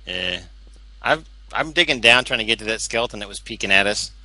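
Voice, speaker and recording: Lively, sharp-voiced playful man. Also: on the low side, brisk, creaky, dry recording, rough recording. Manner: playful, loves putting on accents. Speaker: game player. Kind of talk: casual gameplay chat.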